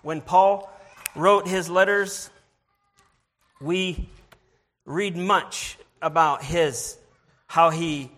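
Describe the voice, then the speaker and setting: Earnest man preaching with halting restarts. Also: fairly high pitch, a bit bright. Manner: earnest, halting, with frequent restarts and repeated words. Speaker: lay preacher. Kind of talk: informal sermon.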